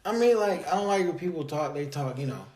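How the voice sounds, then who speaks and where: A man in his thirties, a podcast guest, telling stories and joking deadpan with his sister and her partner. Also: on the high side, fast talker, echoey room. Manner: deadpan joking storyteller, laughs through his own stories. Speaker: guest, the co-host's brother. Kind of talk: casual podcast chat.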